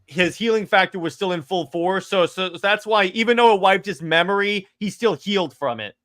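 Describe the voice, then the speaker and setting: Bright excitable man retelling a movie. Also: high voice, fairly quick. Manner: excitable, stumbling restarts, animated retelling. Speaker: podcast co-host. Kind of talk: casual movie discussion.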